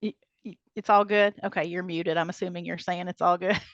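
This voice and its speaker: A woman walks a group of coordinators through a training website on a video call, talking quickly in a chatty way with lots of ums. Her voice comes through a computer mic, dry and a bit dull, like lo-fi call audio. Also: lowish voice, steady tone, dry recording. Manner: brisk, chatty, many ums, light laughs. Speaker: training coordinator presenting a webinar. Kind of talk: casual walkthrough of a website.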